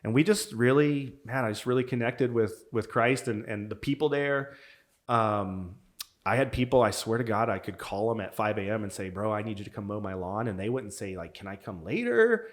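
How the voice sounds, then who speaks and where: A man guest telling stories in casual talk, acting out quotes with lively energy and saying "dude" often. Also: lowish voice, brisk. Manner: animated, acts out quotes, says "dude" a lot. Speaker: podcast guest. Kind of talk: casual storytelling.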